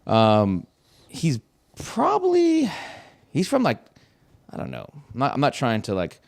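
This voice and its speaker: A man's voice: mid-range voice, measured pace, gravelly. A young man, a podcast host, telling a casual story with lots of swearing and acted-out quotes. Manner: animated, swearing, acts out quotes.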